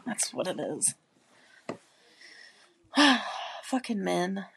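Gravelly woman chatting bluntly. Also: medium pitch, very animated, drawn-out words, a bit bright, slight background noise. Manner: blunt, swears freely, laughs often. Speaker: podcast co-host; married mother. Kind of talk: casual chat.

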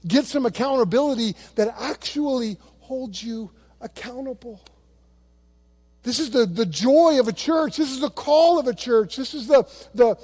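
A male pastor delivers a sermon in a high yet mellow, warm voice. He tells stories animatedly, stumbling over restarts, and drops into impressions of the people in them. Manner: animated storytelling with repeated restarts; imitates other voices in quotes.

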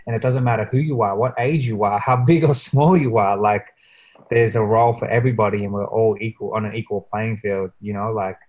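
A man telling a story in casual chat, rambling and filling pauses with "you know" and "like", growing animated as he recounts it. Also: muffled recording. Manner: animated when recounting, pitch jumps up.

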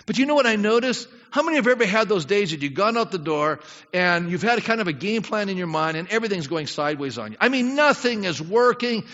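In a church sanctuary full of congregants, a middle-aged pastor delivers a conversational sermon, questioning listeners and acting out prayers. His voice sits high and is a bit bright. Long hall reverb and a dull sound mark the recording.

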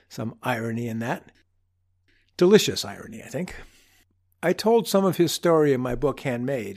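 A man at mid pitch hosting a reflective monologue, unhurried in his telling. He drops dry, humorous asides as he goes, his tone wry and easy. It sounds like a personal story shared with listeners. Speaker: podcast host.

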